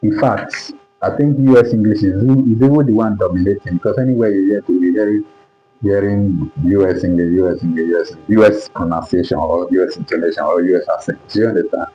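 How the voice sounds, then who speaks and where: A man's voice: sits low, fairly quick. A man from Nigeria teaching English pronunciation in a lesson, repeating example words and often asking if the listeners understand. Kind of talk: classroom lesson. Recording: dull lo-fi recording, faint music.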